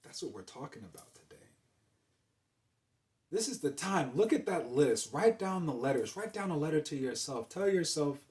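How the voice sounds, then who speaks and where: A man's voice: on the high side, big pitch swings, normal speed, a little mellow. A young adult man hosting a show, delivering an emphatic, repetitive motivational monologue. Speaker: motivational host.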